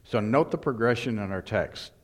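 A man preaching a sermon, emphatic and deliberate, now and then voicing what the crowd thinks. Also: on the low side. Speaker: pastor.

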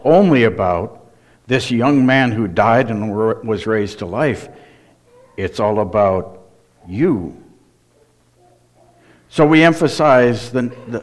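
A man preaching a sermon, earnest and emphatic, often asking the congregation direct questions. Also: mid-range voice. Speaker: pastor.

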